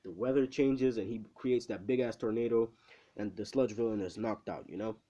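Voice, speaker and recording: A man's voice: fairly low pitch, steady tone, normal speed, warm tone. A young man casually retelling a fan what-if story in a rambling, profane way, with lots of fillers. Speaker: channel host.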